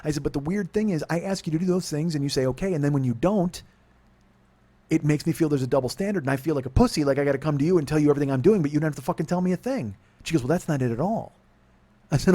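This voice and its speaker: A man's voice: on the high side, racing, dark tone. A middle-aged man from California telling a long personal story, rambling and profane, often cutting himself off mid-sentence. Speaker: podcast host. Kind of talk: confessional monologue.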